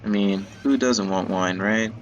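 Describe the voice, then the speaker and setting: A man's voice: on the low side, a little slow, dull audio, a little hiss or hum. A man giving casual, jokey let's-play commentary, often stumbling over words and mocking himself. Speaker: gaming YouTuber.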